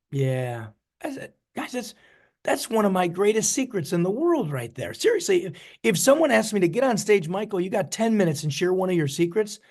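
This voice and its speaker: High-voiced, energetic motivational man. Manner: energetic, preachy, repeats phrases. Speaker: network marketing mentor. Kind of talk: motivational talk on a video call.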